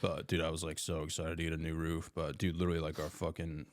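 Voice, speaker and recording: A young man with a very low voice tells rough work stories, swearing freely and saying "dude" every other line. The sound is dry and close, with no room behind him. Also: level tone, quick pace, no room sound. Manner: loose, profane, says "dude" constantly. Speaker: podcast guest. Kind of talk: casual chat.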